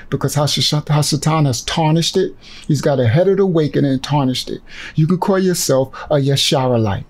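A man's voice: medium pitch, vocal fry, a little mellow. A man leading a ministry, giving impassioned religious commentary on a clip he has just watched, agitated and emotional as he preaches. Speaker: ministry leader reacting to a video clip.

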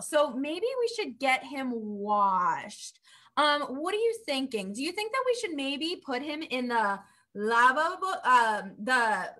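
A woman's voice: high-pitched, pushed and bright. A woman teaching a playful lesson for kids on a livestream, exclaiming and coaxing the children along.

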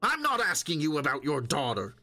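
A man's voice: fairly high pitch, huge pitch swings, fairly quick, sharp tone, pitched above the performer's own voice, exaggerated voice. A man voicing an irritated middle-aged building superintendent who scolds and demands answers. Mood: scolding.

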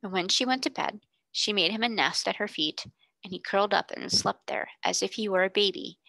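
Bright, gravelly woman reading a storybook. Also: mid-range voice, no room sound. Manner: calm, measured storytelling. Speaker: reader. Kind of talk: storybook read-aloud narration.

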